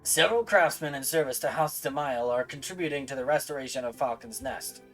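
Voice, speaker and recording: A loud, stately knight commander with a formal, deliberate delivery and a mid-range male voice, as a streamer puts him on. He speaks slowly and grandly, like an officer welcoming guests to his post. Soft music sits behind him. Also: close to an everyday voice, rough recording. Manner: formal, slow and booming. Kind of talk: reading game dialogue aloud with voices.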